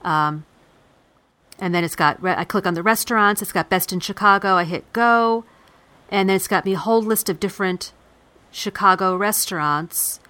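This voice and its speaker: A woman co-hosting a podcast walks through an app feature by feature in a steady, listing way. Her voice has a bright, crisp edge. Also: medium pitch, normal speed. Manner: listing things in a steady step-by-step way. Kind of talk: casual chat, walking through an app.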